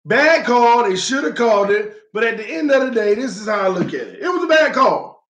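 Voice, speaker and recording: A man hosting a live fan stream, slightly hoarse from losing his voice, greeting viewers by name in loose slangy chat and getting loud when he argues. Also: high-pitched, expressive, a little fast, echoey room. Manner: gets loud and heated when arguing a point.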